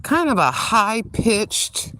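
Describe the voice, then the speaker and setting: A woman's voice: a little high, sing-song, takes it slowly, bright, forceful tone, no room sound. An older woman hosting a casual livestream while walking outdoors on a street, chatty and rambling, laughing often as she digresses. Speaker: livestream host.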